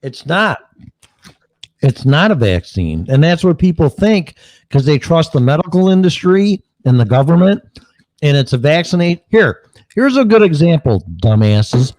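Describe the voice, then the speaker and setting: A man's voice: a little high, sing-song, unhurried, a little mellow, dry recording, poor audio. A man co-hosting an online talk show, ranting bluntly and mockingly with plenty of swearing. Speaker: co-host. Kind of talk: angry political rant.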